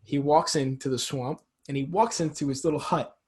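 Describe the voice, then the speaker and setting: A man's voice: on the high side, steady tone, fairly quick, darkish tone. A young man hosting a podcast, chatting casually in a joking, argumentative, teasing way. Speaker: podcast host. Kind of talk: casual chat.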